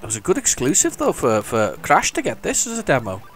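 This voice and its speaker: A man's voice: mid-range voice, huge pitch swings, fairly quick. Chatty man commenting on gameplay. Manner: chatty and enthusiastic, rambling with many restarts; hums the game tunes along. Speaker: retro gaming video host. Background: faint retro game music.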